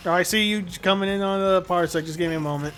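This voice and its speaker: Brief: higher-pitched man, casual stream host, cussing while he runs the matches, faint music under him. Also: rapid-fire, fairly bright tone. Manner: swears casually while directing players. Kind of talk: casual gaming stream chat.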